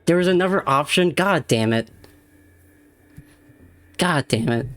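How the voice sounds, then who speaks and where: A man's voice: a little high, animated, a little slow, fairly bright tone. A young man streaming a video game live, talking to himself and chat in an exasperated, swearing way.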